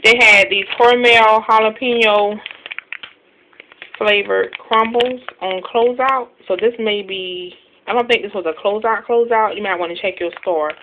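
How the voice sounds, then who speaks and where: A woman in a casual home haul video, talking quickly and chattily about her shopping with many ums and self-deprecating asides. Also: mid-range voice, steady tone. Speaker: couponing vlogger showing a grocery haul. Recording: tinny phone-like sound, faint hiss.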